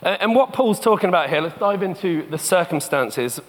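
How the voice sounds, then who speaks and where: A man preaching a sermon as a pastor, telling stories in a conversational way and slowing down for scripture and reflection. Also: high-pitched, lively intonation. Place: church. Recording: long church reverb.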